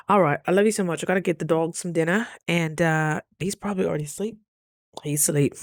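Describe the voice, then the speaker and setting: A woman talking casually to her camera, chatty and affectionate, calling her viewers baby and jumping up high when she quotes people. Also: fast, no echo, clean studio sound. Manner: lively, jumps high for quoted voices. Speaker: vlogger.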